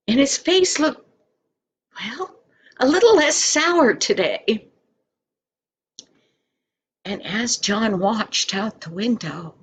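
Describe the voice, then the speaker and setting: A woman's voice: on the high side, a little hiss or hum. An older woman reading a Christmas story aloud, with dramatic whispers and playful sound effects.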